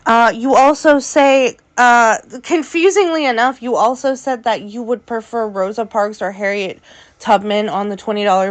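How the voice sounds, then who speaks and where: A woman vlogger giving opinionated commentary, sassy and exasperated, speaking straight at the person she criticizes. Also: medium pitch. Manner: sassy, exasperated, addresses her subject directly.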